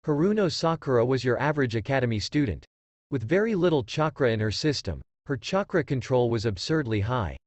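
Lively-voiced man narrating fan fiction. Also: medium pitch, fairly quick, no echo. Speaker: story reader.

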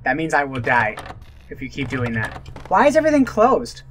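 A man's voice: medium pitch, huge pitch swings, moderate pace, a little hiss or hum. A man hosting a horror let's play, joking and exclaiming as he reacts to the game. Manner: jumpy, exclaiming and joking at the screen. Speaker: gaming video host.

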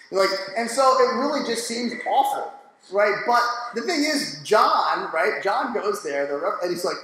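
A man on a church discussion panel, talking in a casual, animated, slangy and jokey way. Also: high voice, moderate pace, slight background noise. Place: church hall. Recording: echoey hall.

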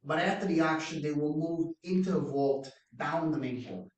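A man's voice: fairly high pitch, moderate pace, pitched above the performer's own voice, lightly acted. Brash, slangy streetwise witness played by a man for a mock trial; very echoey, distant mic. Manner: folksy, slangy grammar. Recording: echoey room from far off.

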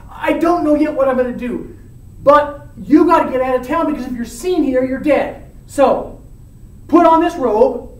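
A woman's voice: high voice, natural voice. A woman voicing an exasperated older male friar who lectures and scolds with urgency. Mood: urgent instructing. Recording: roomy, from far off.

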